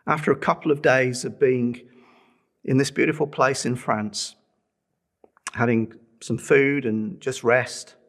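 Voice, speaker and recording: A man's voice: mid-range voice, fairly even intonation, unhurried, fairly bright tone. A middle-aged man preaching a sermon, telling a personal testimony with earnest feeling and pleading with listeners to respond.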